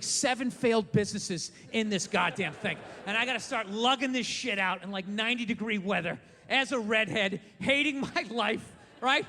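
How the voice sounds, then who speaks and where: A man doing a stand-up comedy rant, profane and bursting into shouts. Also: high-pitched, big-room sound.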